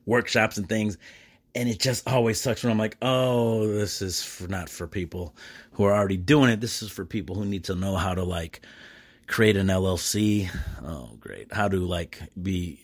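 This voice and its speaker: Man, deep-ish voice, casual podcast monologue, rambling, plenty of false starts. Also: steady tone, normal speed. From Michigan, United States. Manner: rambling, many restarts, drops "man" and "bro". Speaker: podcast host; small business owner and dad.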